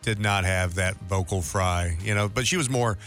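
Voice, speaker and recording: A man's voice: deep voice, normal speed, fairly bright tone, soft background music. A man co-hosting a podcast in joking casual chat, often stumbling over his words. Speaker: podcast co-host.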